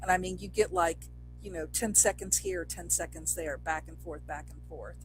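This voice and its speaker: A woman co-hosting a podcast, relaxed as she walks through the plot of an episode in casual chat. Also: lowish voice, faint music behind, low-quality recording. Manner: relaxed narration of plot, quick affirmations. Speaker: podcast co-host.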